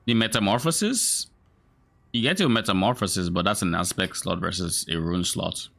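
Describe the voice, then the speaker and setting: A man's voice: low voice, normal speed, gravelly, fairly bright tone. A man chatting casually about a game, thinking aloud and weighing his options. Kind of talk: casual chat.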